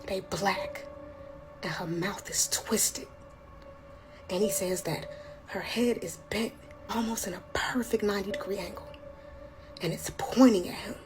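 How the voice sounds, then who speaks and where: A woman's voice: mid-range voice, fairly even intonation, unhurried, pauses often. Chatty woman storyteller, dips into whispers for the creepy bits, music playing under her. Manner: drops to hushed whispers at tense moments; colloquial, chatty. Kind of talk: casual spooky storytelling. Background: background music.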